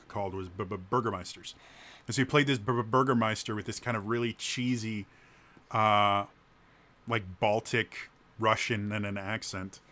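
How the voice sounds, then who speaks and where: A man's voice: fairly low pitch, sharp tone. A man who runs tabletop games, casually answering questions and talking with a heavy stutter. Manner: heavy stutter, repeated sounds. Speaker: game master.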